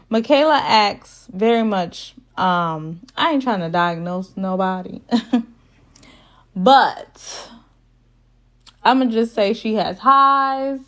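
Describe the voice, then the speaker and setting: Blunt, chatty woman recapping TV. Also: mid-range voice. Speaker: reality TV recap host. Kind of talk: casual recap vlog.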